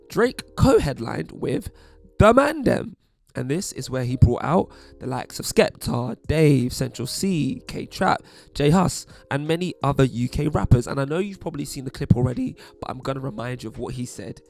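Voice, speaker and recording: Wry chatty British man, gravelly. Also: mid-range voice, moderate pace, hardly any pauses. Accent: British English. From England. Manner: chatty, wry, lively asides. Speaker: YouTube host. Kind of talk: casual commentary to camera.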